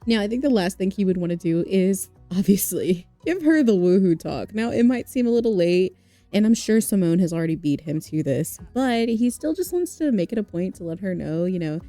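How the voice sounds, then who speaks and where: A young adult woman narrates her game in a chatty way and speaks straight to her viewers. Her voice is very mellow and dark in tone. It is recorded close and dry, with faint music underneath. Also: medium pitch, animated, fairly quick, no room sound. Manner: chatty, addresses viewers directly, laughs easily. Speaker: game streamer. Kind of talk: narrating a life-simulation game.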